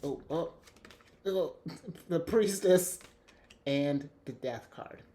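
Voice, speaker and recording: Excitable rambling male tarot reader. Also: a little high, slow pace, slight background noise. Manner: excitable, rambling, restarts often, laughs a lot. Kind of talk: casual tarot reading to camera.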